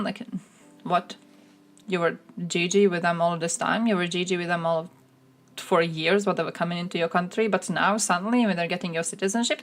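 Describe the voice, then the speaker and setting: A woman's voice: on the low side, fairly even intonation, fairly quick. A woman streaming casual commentary, blunt and sarcastic, swearing often and mocking people in put-on voices. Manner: mocks others in put-on voices. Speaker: streamer reacting to chat.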